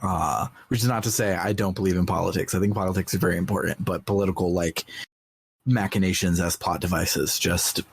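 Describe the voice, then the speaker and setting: A man's voice: deep voice, steady tone, brisk, vocal fry, breathy edge, dry recording. A man co-hosting a casual podcast, speaking in a blunt, laid-back, joking way. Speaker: podcast co-host. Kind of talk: casual chat.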